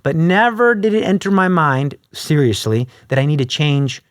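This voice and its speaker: A man's voice: fairly high pitch, normal speed, no room sound, studio quality. A man telling his story as an interview guest, acting out the voices of the people in it. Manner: animated, acts out quoted voices. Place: podcast studio.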